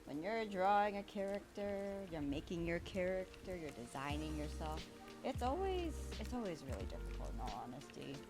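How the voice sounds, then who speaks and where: Woman streamer, casual livestream chat, bubbly, lively pitch, music in background. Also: normal speed. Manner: bubbly, chaotic, talks to chat.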